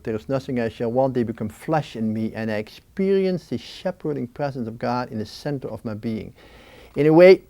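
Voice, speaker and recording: A man's voice: medium pitch, vocal fry, warm tone, no echo. A man being interviewed, talking in a reflective way with a restless, nervous energy and many restarts. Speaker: interview guest. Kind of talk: reflective interview talk on prayer.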